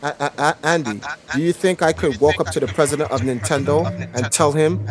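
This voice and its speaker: A man's voice: a little high, brisk, over music. A man co-hosting a heated casual panel chat. He rambles, repeats himself and slips into mock-medieval phrasing. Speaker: podcast co-host.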